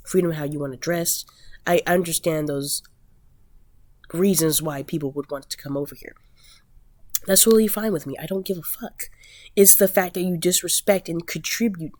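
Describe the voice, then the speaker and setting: A woman's voice: fairly low pitch, darkish tone, no echo. An American woman ranting bluntly and emphatically in a vlog, with frequent swearing. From United States. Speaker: vlogger. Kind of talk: rant.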